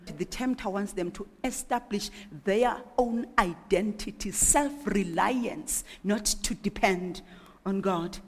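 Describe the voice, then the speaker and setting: A woman delivers a sermon in a slow, measured cadence, her pitch swinging widely as she asks question after question. The sound carries a long hall reverb. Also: husky. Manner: animated, rhetorical questioning. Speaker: preacher.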